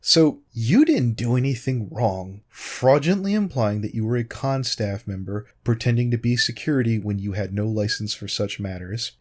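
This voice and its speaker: His voice is medium-pitched and darkish, animated, at a normal speed with few pauses. Responding to a critic in a YouTube commentary video, he argues directly and sarcastically, repeatedly naming his target.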